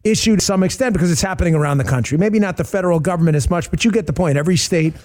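A man hosting a talk show interview who speaks emphatically, with quick asides. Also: a little mellow. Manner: emphatic, quick asides, pleading pitches to listeners. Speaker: host.

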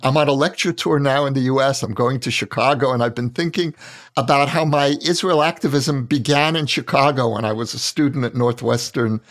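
A man in his sixties with a voice at a middle pitch. He talks in an earnest, searching, measured way, as a co-host in a reflective podcast conversation. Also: fairly bright tone. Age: 60s. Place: Israel.

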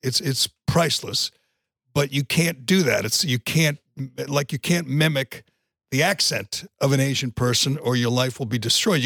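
Man, podcast co-host, gravelly voice, emphatic and indignant, dry close mic. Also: mid-range voice, fairly bright tone, no echo. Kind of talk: opinionated casual chat.

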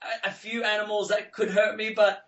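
A man's voice: sits high, flat delivery, a little fast, fairly bright tone, far from the mic, lo-fi sound. An Australian man in his thirties, chatting easily as a guest, laughing often. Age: 30s. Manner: easygoing, reassuring, laughs often. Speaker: guest, professional bowler. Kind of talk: casual interview chat.

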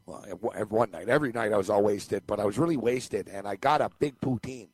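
A man's voice: fairly low pitch, fairly quick, dry recording. A man co-hosting a podcast, telling a long anecdote in a loose, rambling way and laughing along. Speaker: podcast co-host. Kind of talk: casual storytelling chat.

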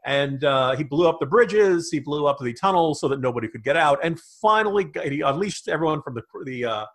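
Animated sardonic male podcast co-host. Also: on the high side, fairly quick. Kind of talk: political commentary chat.

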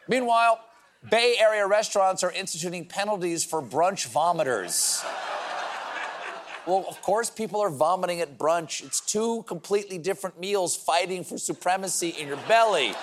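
A man's voice: medium pitch, lively intonation, moderate pace, a faint crowd, slight background noise. A man hosting a late-night comedy show, delivering a mock-grandiose monologue of jokes. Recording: studio audience laughter behind.

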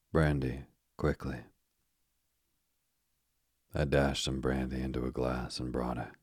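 A man narrating a story in the first person as an audiobook, reading in a measured, steady way. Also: rumbling low, dry recording, clean studio sound.

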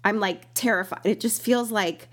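A woman in casual conversation, animated and quick to laugh, still recovering from an illness. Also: mid-range voice. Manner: animated, laughs often, acts out quoted voices. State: recovering from illness, lingering cough. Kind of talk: casual storytelling chat.

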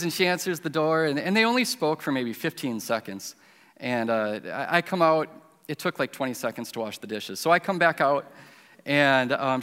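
A man's voice: on the high side, bright, forceful tone, smooth. A man, preaching a sermon and telling a self-deprecating personal story in a conversational way. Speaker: pastor. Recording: reverberant hall.

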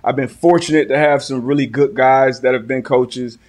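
A man's voice: medium pitch, fairly even intonation, normal speed, a little mellow. A man in his thirties, a former football player, giving blunt and slangy takes as a guest on a sports talk show. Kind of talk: casual sports talk chat.

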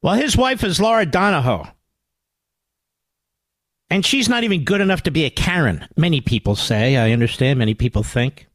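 An older man on his political talk radio show sounds expressive, speaking at normal speed with long pauses. He's sarcastic, mocking, and combative, ranging from low growls to high exclamations, on a studio mic with no echo.

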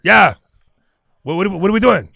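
Casting: man as a loud, insistent prank caller who stammers through his order, gravelly edge. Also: sits high, lively intonation, normal speed, exaggerated voice. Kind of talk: prank phone call.

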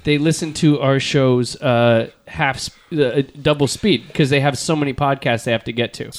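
A man's voice: medium pitch, steady tone, normal speed. A man hosting a casual comedy podcast, a bit drunk, rambling and swearing freely. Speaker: podcast host.

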